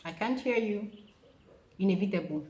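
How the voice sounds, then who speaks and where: A woman gives a casual pronunciation lesson, coaxing her viewers to repeat each word after her. Her voice sits on the low side, and the recording has a roomy echo. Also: a little slow, slight background noise. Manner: lively and coaxing, drills words by repetition. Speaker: pronunciation tutor.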